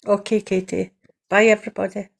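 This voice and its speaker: Woman, encouraging guest, monotone delivery. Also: mid-range voice, fairly quick, creaky. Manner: earnest, encouraging. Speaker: guest on a livestream. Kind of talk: casual chat.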